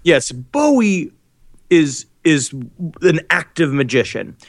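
Rambling, foul-mouthed man with a slightly high voice. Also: very animated, slow, creaky, dry recording, clean studio sound. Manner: rambling, profane, jokey, with frequent restarts. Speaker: podcast co-host. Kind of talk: casual chat.

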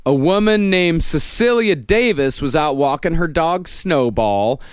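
Brief: male host, expressive narrator, dry close mic, lively pitch. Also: unhurried, clear, resonant tone, no room sound. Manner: storytelling, dropping low at ends of sentences. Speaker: podcast host. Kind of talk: true-crime narration in casual chat.

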